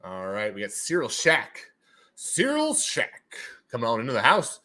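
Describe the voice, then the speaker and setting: A man's voice: medium pitch, wildly swooping pitch, unhurried, pushed and bright. A man hosting a casual livestream giveaway, who talks animatedly, repeats his own phrases and throws in playful sound effects. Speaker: livestream host running NFT giveaways.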